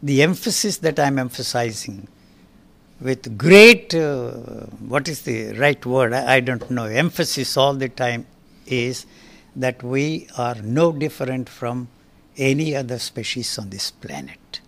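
A man's voice: medium pitch, unhurried, gravelly, fairly bright tone. A man in his eighties, answering interview questions in a fiery, emphatic, blunt way. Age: 80s. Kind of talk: interview conversation.

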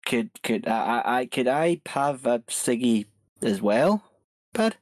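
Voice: mid-range voice, very animated, a little slow, darkish tone, no echo. A player in an online tabletop game, talking hesitantly and stammering in character. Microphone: voice chat microphone.

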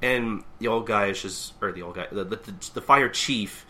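A man co-hosting a podcast, casually recapping a manga chapter and acting out characters' lines with animated delivery. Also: lowish voice. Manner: animated, acts out characters' lines in quick voices. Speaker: podcast co-host.

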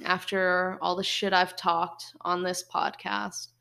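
Slow-talking young woman, gravelly voice. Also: on the low side, level tone, sharp tone. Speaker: podcast co-host. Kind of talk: casual chat.

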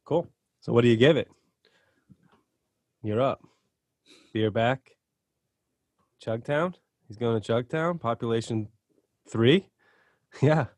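A man's voice: mid-range voice, slow, long pauses, darkish tone, dry recording. A man hosting a casual music chat over a video call, running the rounds with playful, teasing banter. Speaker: segment host.

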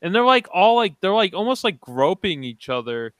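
Bright, crisp-voiced sarcastic man. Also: high voice, sing-song, normal speed, no room sound. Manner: sarcastic, swearing often. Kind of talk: casual movie review chat.

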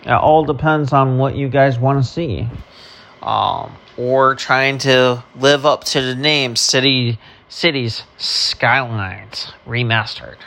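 A man talking casually to camera, drawn out and unhurried. His voice sits in an ordinary middle pitch. He rambles from point to point, swears freely and fills gaps with ums. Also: gravelly, bright, forceful tone. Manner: rambling and profane, with frequent filler ums. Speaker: streamer and vlogger.

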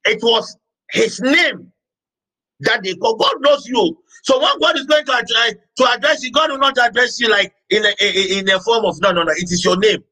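A man preaching a sermon as pastor, emphatic, repeating phrases and shouting out words now and then. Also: very high-pitched, a little fast, hardly any pauses, low-quality recording.

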